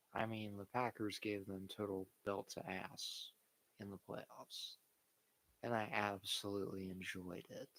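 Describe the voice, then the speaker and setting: A man's voice: on the low side, gravelly, fairly bright tone. A man hosting a livestream, giving blunt, opinionated casual chat about wrestling and sports and swearing freely. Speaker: livestream host.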